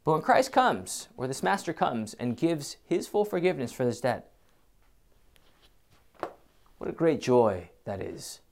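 A man preaching a sermon, swinging between loud, emphatic passages and quiet, hesitant musing with many fillers. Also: medium pitch, very animated, moderate pace, creaky.

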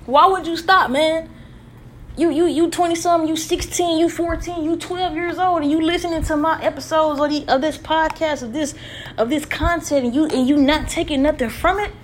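A woman with a high voice hosts her own podcast, pushing listeners on in an emphatic, repetitive, preacher-like rhythm. Her words stack up in urgent runs of encouragement. A faint hiss sits under the recording. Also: steady tone, normal speed. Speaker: podcast host. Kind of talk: motivational podcast monologue.

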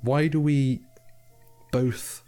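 A young man co-hosting a casual podcast, talking in long, animated runs. He swears freely and slips into quick impressions of other people, with faint music behind him. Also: medium pitch. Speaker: podcast co-host. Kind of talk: casual chat.

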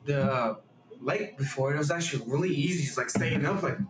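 A man's voice: fairly high pitch, fairly quick, distant mic. A young man chatting casually on a podcast, rambling and saying "like" a lot. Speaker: podcast co-host. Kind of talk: casual chat. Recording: echoey room with crowd noise behind.

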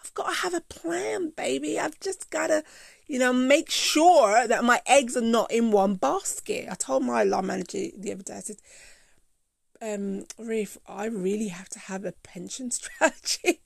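A woman hosting her own podcast, talking animatedly to her listeners and slipping between accents when she gets excited. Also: on the high side, normal speed, vocal fry, no echo, studio quality. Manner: animated, calls listeners baby and honey. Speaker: podcast host. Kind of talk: solo podcast talk.

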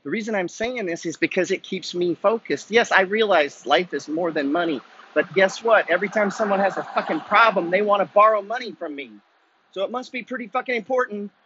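A man's voice: sits high, brisk, a bit bright, dull audio, slight background noise. A man ranting bluntly and profanely while walking city streets, preaching a motivational walk-and-talk monologue. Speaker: vlogger. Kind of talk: walking-and-talking motivational rant.

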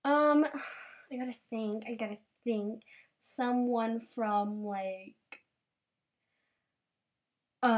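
A young woman giving a casual, gushing reaction commentary, gasping, repeating herself and dropping into soft whispers. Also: medium pitch, steady tone, extremely slow, long pauses. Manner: rambling with repeated words. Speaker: vlogger browsing fan art.

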